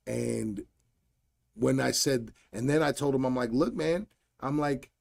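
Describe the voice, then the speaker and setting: A man hosting a solo podcast, telling a coaching story in a blunt, animated, slangy way. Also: mid-range voice, unhurried, gravelly. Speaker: podcast host and fight coach.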